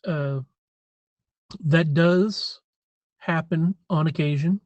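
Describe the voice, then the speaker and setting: A man's voice: fairly high pitch, drawn-out words, darkish tone, no echo. Rambling man on a live stream. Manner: rambling, chatty, frequent throat clearing. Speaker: livestream host. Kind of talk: casual live-stream chat.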